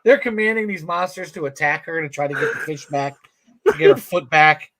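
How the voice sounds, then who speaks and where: A man with a high speaking voice chats casually on a live stream. He retells a story with animation and acts out each quoted line himself. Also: brisk, fairly bright tone. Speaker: comic book show co-host.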